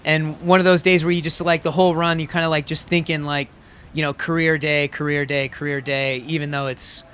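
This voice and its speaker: Bright, clear-voiced male athlete guest. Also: fairly high pitch, little pitch movement, fairly quick. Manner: easygoing, frequent fillers and laughs. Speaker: pro triathlete guest. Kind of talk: casual interview.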